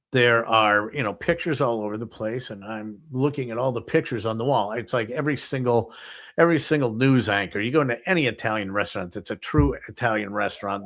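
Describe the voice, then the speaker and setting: A man's voice: mid-range voice, a bit bright. A man hosting a live talk show, telling a long story in a rambling, anecdotal way with many fillers and asides.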